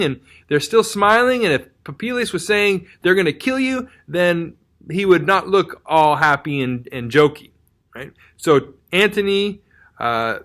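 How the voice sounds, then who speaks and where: A young man explaining a play in a casual, animated lesson, full of slang and quick voices for the lines he reads. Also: a little high. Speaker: literature teacher.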